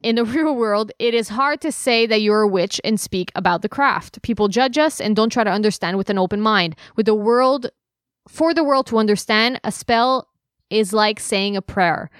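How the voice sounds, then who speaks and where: A woman's voice: mid-range voice, moderate pace, a bit bright, clean tone, dry recording, studio quality. A woman co-hosting a podcast in casual chat, swearing freely and reading out quotes with sarcasm. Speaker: podcast co-host.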